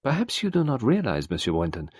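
A courteous, fussy older detective, as a male narrator puts him on, polite and measured in every phrase. The voice sits a little higher than the reader's own, keeping a slight husk. The recording is dry and close. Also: huge pitch swings, a little mellow, breathy edge, no echo. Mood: probing.

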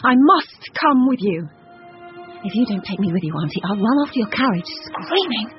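A woman's voice: a little high, very animated, normal speed, voice pushed down. A woman voicing a spoiled young lady who pleads and insists, on dull lo-fi audio with faint music. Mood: insistent.

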